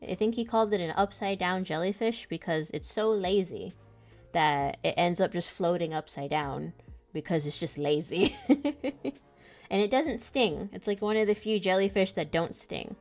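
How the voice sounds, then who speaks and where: A woman's voice: lowish voice, moderate pace, darkish tone, faint music behind. Giggly young woman rambling through a story. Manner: giggly, laughs often between sentences; loose rambling storytelling with many fillers. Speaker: comic artist and channel host. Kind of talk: casual chat while drawing.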